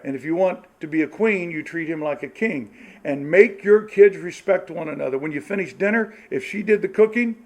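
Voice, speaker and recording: A man's voice: on the high side, brisk, low-quality recording. Folksy man preaching with stories. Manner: lively, folksy storytelling with laughs and acted-out quotes. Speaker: speaker at a church marrieds group. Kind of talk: storytelling sermon talk.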